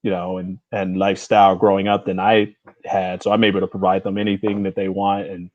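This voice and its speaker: A man in his forties with a fairly low voice, speaking as a guest on a casual interview podcast. He talks in an easygoing, unhurried way, often chuckling and stopping on "uh" and "you know" as he gathers his thoughts. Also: little pitch movement, dry recording, highs cut off. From United States. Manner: easygoing, chuckles often, halting with many fillers. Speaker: guest, Navy veteran and father.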